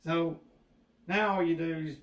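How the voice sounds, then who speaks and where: A man's voice: a little high, fairly even intonation, measured pace, a bit bright. A man with a Southern US accent giving an easygoing, step-by-step home cooking demonstration in his kitchen. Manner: folksy, easygoing, explains step by step. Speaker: home cook, co-host. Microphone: distant mic. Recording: echoey kitchen with far-off mic and faint hiss.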